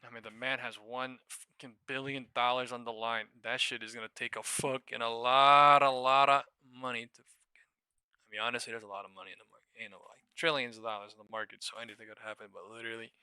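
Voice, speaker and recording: A man live-streaming stock trading, talking to his viewers in a loose, profane, excitable way. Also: medium pitch, fast talker, clean tone, dry recording. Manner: profane, excitable, laughs and shouts at market moves. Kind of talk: live-stream market commentary.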